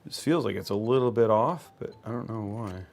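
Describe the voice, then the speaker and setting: A man's voice: on the low side, brisk, darkish tone, faint music behind. A man hosting a PC-building livestream, thinking aloud as he works, trailing off and restarting his sentences and reading out viewer messages. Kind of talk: casual livestream chat while building a PC.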